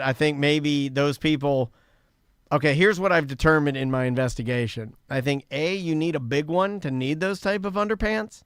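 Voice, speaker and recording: Brief: a gravelly male co-host, fairly high voice, mock-serious and emphatic. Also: normal speed, a bit bright, no echo, studio quality. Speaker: talk show co-host. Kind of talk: casual comedic banter.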